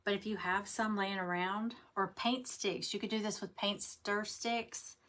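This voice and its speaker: Woman crafter, rambly and chatty, mid-pitched, faint noise behind her. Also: pushed and bright. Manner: chatty, rambling, talks to viewers. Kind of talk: casual craft demo livestream.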